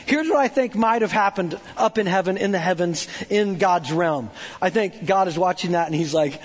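A man's voice: high-pitched, moderate pace, hardly any pauses, slight background noise. A man preaching a casual, joking sermon, talking in a chatty way full of "like" and "right?". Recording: long hall reverb.

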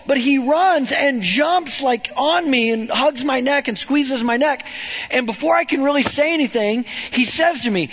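A man preaching a storytelling sermon in an animated, conversational way, often checking in with "right?". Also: very high-pitched, normal speed.

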